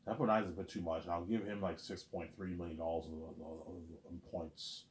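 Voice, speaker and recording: Low-voiced man rambling in a roomy space. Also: fairly even intonation, fairly quick. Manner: rambling and repetitive, lots of "obviously" and "you know what I'm saying". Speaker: vlogger. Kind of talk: casual rambling monologue. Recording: roomy echo.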